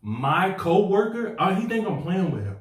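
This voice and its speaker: A man co-hosting a podcast in casual chat, telling animated stories and calling everyone "bro". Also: high-pitched, normal speed. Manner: animated storyteller, says "bro" constantly. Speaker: podcast co-host. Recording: roomy echo, mic at a distance.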